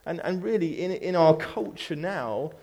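A man's voice: on the high side, animated, measured pace, warm tone. A man delivering a sermon to his congregation in an easygoing, conversational way. He restarts phrases, repeats words, and drops playful asides to people in the room. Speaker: pastor. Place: church.

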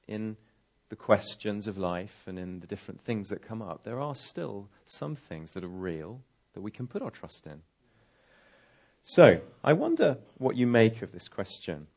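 A man's voice: medium pitch, very animated, measured pace, gravelly, a little mellow, breathy edge. A man giving a sermon as guest speaker, talking in a conversational, reflective way and posing rhetorical questions. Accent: distinctive accent he says is real. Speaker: guest preacher.

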